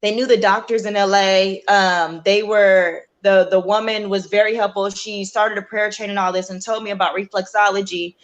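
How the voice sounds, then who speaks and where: A young adult woman, a guest on a talk show, earnestly telling a personal story in a halting way, with many fillers and restarts. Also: mid-range voice, fairly even intonation, highs cut off. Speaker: guest sharing her story.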